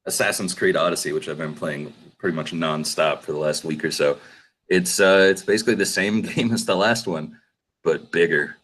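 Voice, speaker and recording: A man co-hosting a casual podcast, relaxed and joking. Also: low-pitched, normal speed, slightly rough. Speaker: podcast co-host. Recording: noisy mic with clicks.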